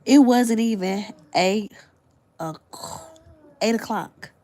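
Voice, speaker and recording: A woman's voice: mid-range voice, drawn-out words, mellow. A woman on a livestream, telling an upsetting story in an exasperated way and repeating phrases for emphasis. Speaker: livestream reader host. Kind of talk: emotional livestream vent.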